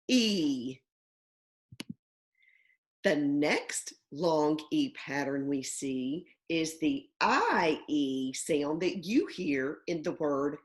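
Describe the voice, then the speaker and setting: A woman teacher giving a phonics lesson to young children from home, slow and deliberate, stretching out sounds and words. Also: on the low side.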